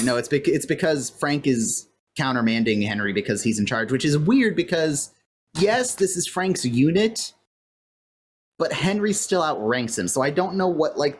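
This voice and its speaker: A podcast co-host talks through an episode recap in a loose, chatty way, circling back on thoughts and leaning on filler words. The pitch sits in the middle of the range. A faint hum of a fan runs underneath. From California. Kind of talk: casual episode recap chat. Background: faint fan or air-conditioner hum.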